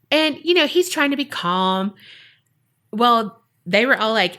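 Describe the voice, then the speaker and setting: A woman's voice: mid-range voice, expressive, normal speed, sharp tone. A woman cohosting a podcast tells a paranormal story in a chatty, dramatic way, with lots of casual fillers. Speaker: podcast co-host.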